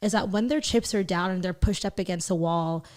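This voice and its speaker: A woman's voice: fairly low pitch, a little fast, a little mellow. A woman co-hosting a podcast in casual chat, agreeable, echoing her co-host and laughing often.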